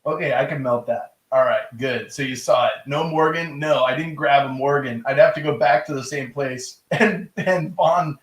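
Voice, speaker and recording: A man's voice: mid-range voice, normal speed, hardly any pauses, echoey room, low-quality recording. A man casually chatting as he runs a live-stream auction from his home, laughing often and rambling between bids. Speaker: livestream auction host. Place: room at home.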